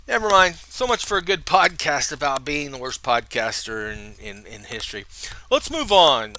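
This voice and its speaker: A middle-aged man hosting a rambling, self-mocking podcast from home, goofy and excitable, laughing at himself. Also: a little high, a little slow, a little hiss or hum. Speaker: podcast host. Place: home room. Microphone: camera mic.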